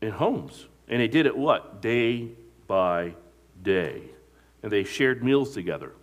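A man's voice: fairly low pitch, sing-song, slow pace. A male pastor preaching a sermon, telling stories and asking the congregation questions that it answers. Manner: asks the congregation questions and lets them fill in the answer; storytelling, retelling movie scenes.

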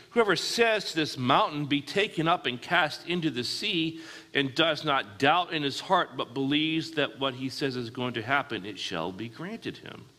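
Guy preaching in a church, bright punchy voice, keeps asking the crowd stuff, big echoey hall. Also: mid-range voice. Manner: asks the audience questions and answers them. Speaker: pastor. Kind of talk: sermon. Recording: hall with long reverb.

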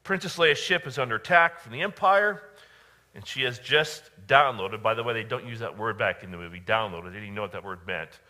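A male pastor preaching a sermon, emphatic, with dramatic pauses and repeated phrases. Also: mid-range voice, sharp tone. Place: church.

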